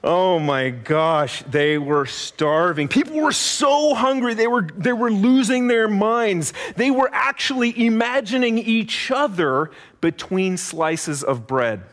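Male preacher, animated storytelling sermon, quizzes the crowd, high-pitched, reverberant church hall. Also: a little slow. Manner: playful, asks the audience questions, acts out voices. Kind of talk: animated sermon to a family audience.

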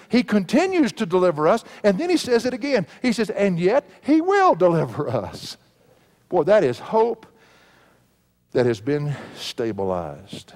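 A man's voice: mid-range voice, a little mellow. A man preaching an expository sermon as pastor, earnestly swelling and dropping his voice for emphasis.

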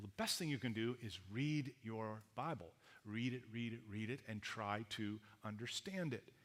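Canadian male pastor, mid-pitched, animated storyteller who talks to the kids, echoing church hall. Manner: lively storyteller who speaks to the kids and acts out voices. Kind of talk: sermon. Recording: reverberant hall.

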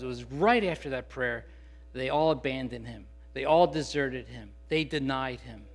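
A man's voice: fairly high pitch, fairly bright tone. A man preaching a sermon, earnest and conversational, with fillers and restarts that build to emphatic, rising passages. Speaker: pastor.

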